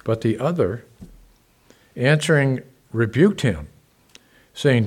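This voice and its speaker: A man preaching a sermon, talking conversationally to his listeners, swinging from loud emphatic peaks to soft, quiet asides. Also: lowish voice, a little slow, creaky, long pauses. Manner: conversational, asks the congregation questions. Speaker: pastor.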